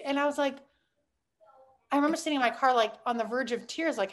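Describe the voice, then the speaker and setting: A woman with a high voice speaks as a guest in a relaxed interview. She is chatty and animated in her wording, peppering her talk with fillers and quick laughs. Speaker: startup founder, guest.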